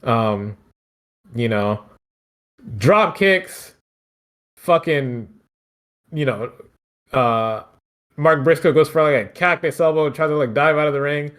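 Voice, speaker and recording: A man's voice: a little high, slow pace, pauses often. A man from Philadelphia hosting a podcast, recapping wrestling in a loose, profane, rambling way. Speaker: podcast host. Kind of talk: casual wrestling recap chat.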